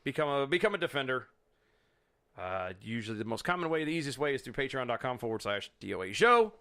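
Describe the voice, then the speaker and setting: Guy co-hosting a podcast, kinda rambly, keeps restarting, average pitch. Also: very animated, quick pace, sharp tone. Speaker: podcast co-host. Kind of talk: casual political chat.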